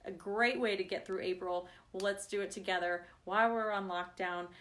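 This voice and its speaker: Her mid-range voice is steady and a bit bright, moving at normal speed. She's a woman hosting a relaxed craft livestream, full of warm chatter, with family tales she keeps laughing through.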